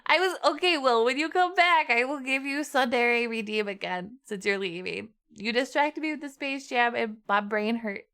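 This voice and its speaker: A woman streamer chatting casually with her chat, dramatic and quick to swear. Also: fairly high pitch, bright, forceful tone, clear, resonant tone.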